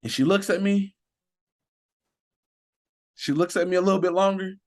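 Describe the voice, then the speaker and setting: A man's voice: high-pitched, steady tone, normal speed. A man who works as a sheriff's deputy, a guest on a podcast, telling a personal story with earnest, preacher-like emphasis.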